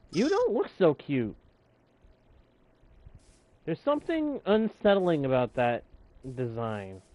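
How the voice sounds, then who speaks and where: In a rough recording, a streamer and channel host with a mid-range voice runs a live gaming session. He keeps up casual, joking banter aimed at his audience and at the game itself.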